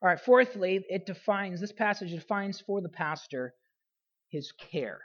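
A woman pastor preaching a sermon, repeating key phrases for emphasis and letting her voice fall softly at the end of phrases. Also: medium pitch, measured pace, muffled recording.

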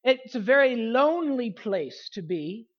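A woman pastor preaching a sermon, repeating key phrases for emphasis and letting her voice fall softly at the end of phrases. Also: a little high, sing-song, unhurried, dull audio.

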